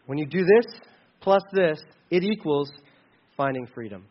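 A man preaching a sermon, conversational, with sudden rises and quiet drops. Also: on the high side, lively intonation, a little slow, lo-fi sound. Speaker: pastor.

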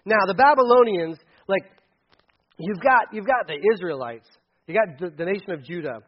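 A man preaching a casual sermon as pastor, animated and conversational, acting out quotes. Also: sits high, normal speed, highs cut off.

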